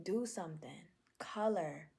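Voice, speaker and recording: A woman recording a heartfelt video journal, speaking in slow, affirming, repeated phrases. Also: fairly low pitch, vocal fry, warm tone. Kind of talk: reflective self-talk video journal.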